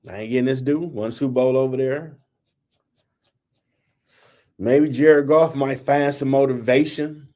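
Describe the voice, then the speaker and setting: A middle-aged man hosting a sports talk show, blunt and fired up. He scolds teams and players in loose, slangy everyday talk, with a steady mid-range voice. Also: medium pitch, a little slow, pauses often. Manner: blunt, heated, colloquial, scolding. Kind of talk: opinionated sports rant.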